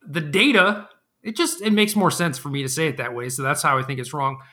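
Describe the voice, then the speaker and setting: A man talks through a card game discussion in an easygoing, rambling way, full of fillers and loose asides. His voice sits a little high and sounds bright and forceful. It has the feel of a casual podcast conversation between friends. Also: a little fast. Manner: laid-back, rambling with fillers. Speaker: podcast co-host.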